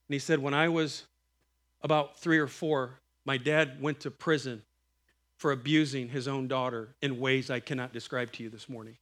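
Telling family stories from the pulpit, a middle-aged preacher speaks at a moderate pace in a medium-pitched voice. His sermon storytelling is animated, with quoted voices acted out and bursts of laughter.

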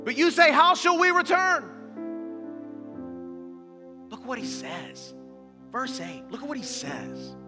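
A man preaching a sermon as a pastor, building to loud, impassioned exhortation. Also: wildly swooping pitch, slow pace, pauses often. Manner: preaching that swells to loud high-pitched exhortation. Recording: echoey hall with music behind.

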